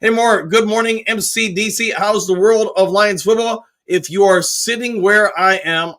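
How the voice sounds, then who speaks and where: A man's voice: sits high, bright, forceful tone. A man hosting a casual live stream, greeting chatters by name and reading their comments aloud. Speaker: host reading viewer comments.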